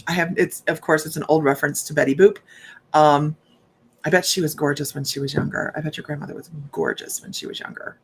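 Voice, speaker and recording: A woman's voice: low-pitched, steady tone, brisk, slight background noise. A woman working as a psychic medium, giving a rambling, chatty live reading and talking straight to her viewers.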